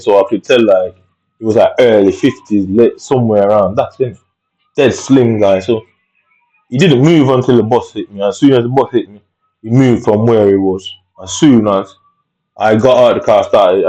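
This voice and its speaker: A man's voice: on the low side, mellow, muffled recording. Heated man ranting. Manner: heated, rambling, profane, repeats tag questions. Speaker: vlogger. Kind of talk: angry personal storytelling.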